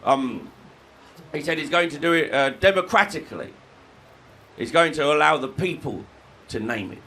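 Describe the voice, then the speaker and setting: A man from the UK doing a live stand-up set, crude and sardonic, breaking into shouted rants. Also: on the high side, animated, moderate pace, rough recording. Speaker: stand-up comedian. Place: comedy venue with live audience.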